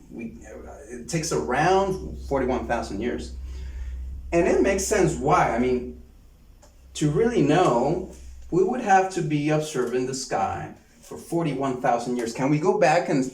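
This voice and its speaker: A man giving an online lecture, halting often and repeating words as he gropes for the phrase. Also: medium pitch, darkish tone. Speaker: course lecturer. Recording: roomy sound from a distance.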